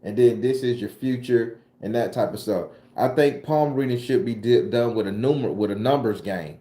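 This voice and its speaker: A man's voice: mid-range voice, normal speed, dark tone. A man from southern Florida with a Southern US accent, a tarot reader and channel host talking casually on a livestream. He answers live chat comments in loose, profane slang. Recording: echoey room.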